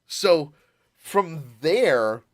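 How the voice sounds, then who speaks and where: A man co-hosting a casual podcast, recapping an episode in an animated way, laughing and slipping into voices for quotes. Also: fairly high pitch, extremely slow. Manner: animated, laughing, puts on voices when quoting. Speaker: podcast co-host.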